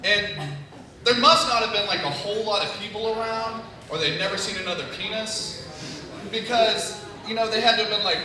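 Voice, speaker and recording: A man's voice: sits high, moderate pace, long pauses. Nervous young man doing stand-up. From Tennessee. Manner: rambling, many "you know" fillers. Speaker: stand-up comedian. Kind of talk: nervous first-time stand-up set. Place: comedy club stage. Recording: echoey room from far off, crowd audible. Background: audience laughing.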